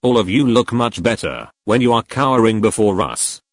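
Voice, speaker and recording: Smirking, taunting young thug, low voice, dry sound, read by a man. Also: big pitch swings, moderate pace, no echo. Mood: sneering. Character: sneering arrogant young male gang thug.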